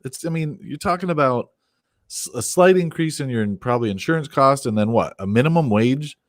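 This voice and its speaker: A man's voice: medium pitch, animated, fairly quick, no room sound. Conversational man giving business opinions. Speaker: podcast co-host. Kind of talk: casual chat.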